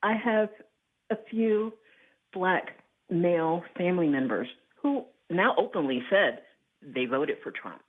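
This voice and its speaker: A woman from Alabama calling in to a radio show over a thin phone line. Her voice is low but lively, and she talks earnestly, pausing to find her words. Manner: earnest, halting. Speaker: caller. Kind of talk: call-in radio.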